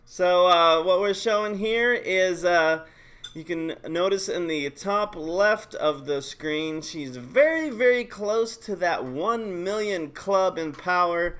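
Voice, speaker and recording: A man hosting a live stream, giving casual, joking game commentary with quick bursts of excitement. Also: high-pitched, smooth.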